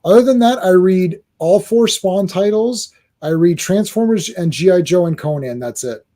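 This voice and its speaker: Podcast host, male, high mellow voice, chatty storyteller who acts out friends' lines. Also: moderate pace. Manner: animated storytelling, stumbling restarts, mimics friends' lines. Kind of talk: casual chat.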